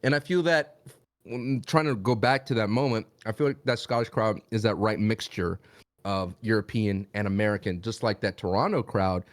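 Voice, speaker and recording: A man's voice: lowish voice, moderate pace, no echo. A man co-hosting a podcast, talking in a chatty, rambling, conversational way. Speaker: podcast co-host. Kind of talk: casual chat.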